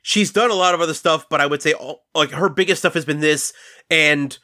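Bright-voiced man telling film stories. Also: fairly high pitch, a little fast. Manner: storytelling, addresses listeners. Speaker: podcast host. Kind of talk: casual movie chat.

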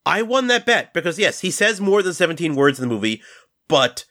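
A man's voice: a little high, very animated, a little fast, sharp tone. A man hosting a casual movie podcast, telling stories and speaking to the listeners. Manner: storytelling, addresses listeners. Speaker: podcast host.

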